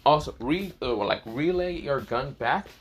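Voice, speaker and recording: A man voicing a blunt, foul-mouthed young man who stays bored and unafraid, talking in a flat, dismissive way full of swearing. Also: mid-range voice, measured pace, breathy edge. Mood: scornful.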